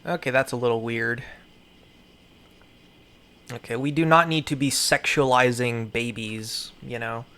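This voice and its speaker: A woman's voice: extremely low pitch, fairly even intonation, a little slow, long pauses, a bit bright. A woman giving casual commentary in a profane, rambling, exasperated way. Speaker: video creator.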